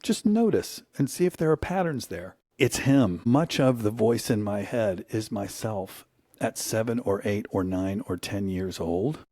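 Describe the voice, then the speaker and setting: A man's voice: fairly low pitch, lively intonation, unhurried, dark tone, dry recording, studio quality. A middle-aged man from the United States, telling stories in an earnest, reflective conversation. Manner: earnest, storytelling, voice lifts when quoting. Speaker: guest.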